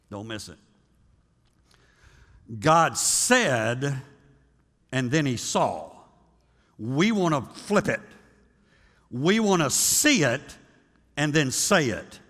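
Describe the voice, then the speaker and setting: Animated preacher in a reverberant hall. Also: male voice, a little high. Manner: animated preaching, slowing for emphasis and acting out quoted voices. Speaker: pastor. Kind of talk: sermon.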